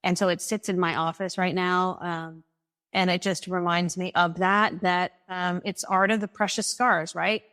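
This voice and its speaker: Woman, podcast guest, slightly low pitch, animated storytelling, quotes people vividly, laughs often. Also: unhurried. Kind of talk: personal storytelling in conversation.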